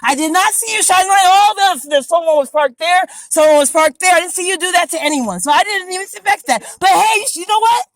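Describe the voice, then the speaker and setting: A woman's voice: very high-pitched, lively intonation, brisk, hardly any pauses, a bit bright, no echo, low-quality recording. An American woman in her forties, insistent and rambling, talking from inside her parked car during a police stop. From USA. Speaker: motorist questioned by police. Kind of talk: tense confrontation.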